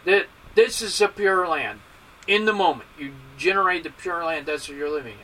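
A man with a high voice gives a Buddhist dharma talk to his group. He teaches in an animated, joking way, and his pitch swings hard for emphasis. The tone is very bright and sharp. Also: normal speed, slight background noise, low-quality recording.

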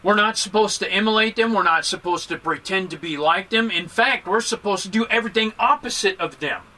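High, bright, animated Buddhist teacher. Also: male voice, a little fast, rough recording. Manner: animated, joking, emphatic with swings in pitch. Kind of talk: dharma talk.

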